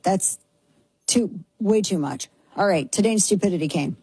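Mellow, husky-voiced woman radio host. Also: on the low side, moderate pace, no echo, rough recording. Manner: incredulous, sarcastic, indignant. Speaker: radio talk show host. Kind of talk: opinionated talk radio monologue.

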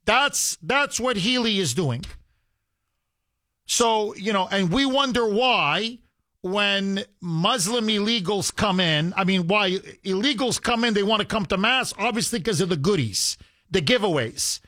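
A man's voice: high-pitched, expressive, a little slow, pushed and bright, no echo, clean studio sound. A man hosting a call-in radio talk show, speaking in an emphatic, heated way and repeating himself as he pushes his points.

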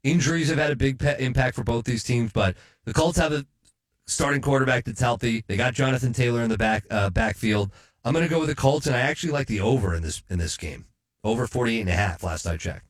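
A man co-hosting a sports betting show in loose, casual chat. He rambles and restarts his sentences and jokes at his own expense. His voice sits at an ordinary middle pitch. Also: quick pace. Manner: rambling, self-deprecating, restarts often. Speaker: sports betting podcast co-host.

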